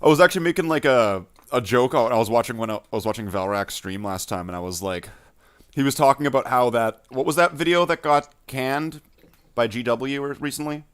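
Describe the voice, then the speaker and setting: A man hosting a casual painting stream. He talks in a halting way and repeats his words. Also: mid-range voice, a bit bright, smooth. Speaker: host of a miniature painting stream.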